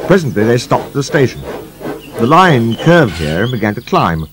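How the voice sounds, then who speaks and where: A male storyteller reads a children's tale with a lively, animated voice. His tone rises and falls freely. Music plays under the narration. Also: medium pitch, moderate pace.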